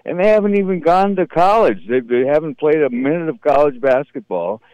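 A man's voice: a little high, expressive, brisk, a little mellow, clear, resonant tone, no room sound, highs cut off. A man in his fifties hosting a sports radio show, speaking in an opinionated way and often repeating words. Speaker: radio host. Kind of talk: casual sports radio chat.

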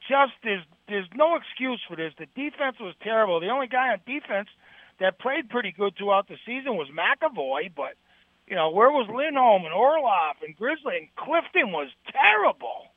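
New england guy calling in, glum and rambling, highish voice, tinny phone line. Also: big pitch swings, normal speed, no room sound. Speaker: caller. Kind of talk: call-in sports talk. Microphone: telephone.

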